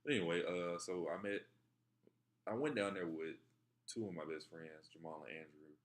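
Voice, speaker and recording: A young man with a very deep, low voice tells a personal story in a laid-back, rambling way. He chuckles at himself and slips into quoting his own thoughts. A faint hiss sits under his voice. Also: moderate pace. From Texarkana area, southern US. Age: young adult.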